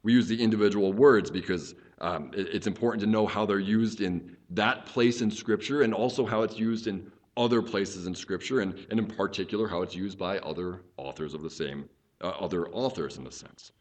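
A man's voice: lowish voice, normal speed. A man preaching an expository teaching sermon as a pastor, explaining earnestly and often restarting his phrases as he thinks aloud.

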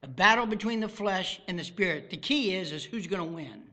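Bright-voiced preacher man, high and ringing. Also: expressive, fairly quick. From American South. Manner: dramatic preaching, swinging from loud outbursts to hushed asides. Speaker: pastor. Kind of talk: sermon.

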